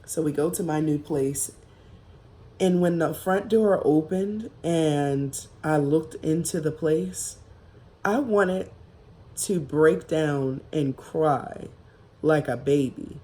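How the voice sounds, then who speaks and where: A woman vlogger telling a personal story in a casual, emphatic and reflective way, with drawn-out pauses. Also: deep voice, warm tone.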